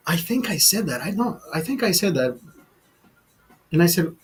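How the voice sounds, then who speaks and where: Husky, profane man ranting to camera. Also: high voice, sing-song, moderate pace, long pauses, darkish tone, low-quality recording. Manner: agitated, profane, repeats himself. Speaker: vlog host. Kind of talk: casual storytelling rant.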